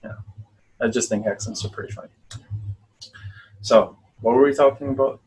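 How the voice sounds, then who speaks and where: Man, 20s, podcast host, easygoing, self-deprecating, slightly husky voice, middle pitch. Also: steady tone, moderate pace, darkish tone, rough recording. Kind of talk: casual podcast chat.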